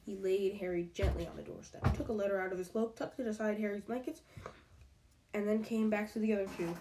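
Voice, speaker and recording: Storybook reader, woman, mellow warm tone, steady pace, rereads stumbles. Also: mid-range voice, a little hiss or hum, poor audio. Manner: steady, unhurried, rereads slips. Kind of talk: storybook read-aloud.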